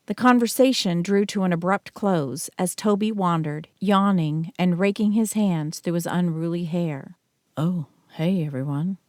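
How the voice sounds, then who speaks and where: A woman narrating an audiobook in a measured, even reading. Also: lowish voice, dry recording. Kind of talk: scripted narration. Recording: dry close studio mic.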